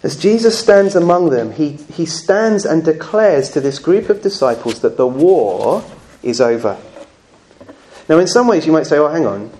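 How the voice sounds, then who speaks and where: High-voiced man preaching a sermon. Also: animated, a little mellow. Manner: earnest, conversational, with slow emphatic phrases and light humour. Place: church service.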